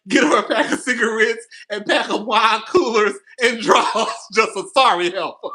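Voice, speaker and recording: A man's voice: extremely high pitch, moderate pace. A man talking to his viewers in a casual gossip vlog from his apartment, laughing often and swearing, repeating lines as he tells a story. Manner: laughing, animated, profane, repeats himself. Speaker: commentary vlogger.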